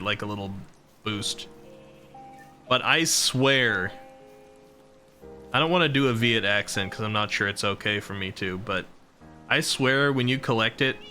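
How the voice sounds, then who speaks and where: A man's voice: mid-range voice, sharp tone. A man chatting casually with his viewers as a VTuber streamer, laughing often and talking straight to chat.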